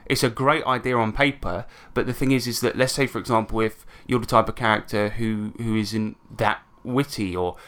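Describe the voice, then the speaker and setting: A man's voice: lowish voice, fairly even intonation, normal speed, hardly any pauses, fairly bright tone. A British man co-hosting a casual podcast chat about tabletop role-playing, telling anecdotes and acting out players' lines. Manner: chatty, anecdotal, acts out player quotes. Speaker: podcast co-host.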